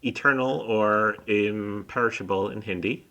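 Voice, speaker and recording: A man's voice: on the low side, unhurried, pushed and bright, a little hiss or hum, poor audio. A man co-hosting a podcast, chatting casually with dry, matter-of-fact asides. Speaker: podcast co-host. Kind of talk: casual chat recapping an episode. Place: home, on a video call.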